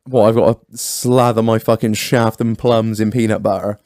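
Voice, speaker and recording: A man's voice: fairly low pitch, moderate pace, dry recording. A man co-hosting a drunken podcast chat, crude and laughing as he tells stories. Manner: crude, laughing, lively storyteller. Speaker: podcast co-host. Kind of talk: drunk casual banter.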